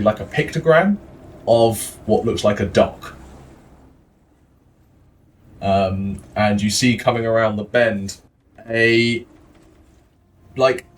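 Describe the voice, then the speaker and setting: A man with a Welsh accent, narrating a tabletop game as dungeon master in a loose style full of fillers. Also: fairly low pitch. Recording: distant mic with faint noise.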